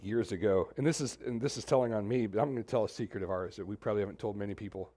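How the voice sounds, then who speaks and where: A middle-aged man, preaching a sermon in a church in a lively, conversational way and talking straight to the congregation. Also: lowish voice, rapid-fire. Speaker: pastor. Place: church sanctuary.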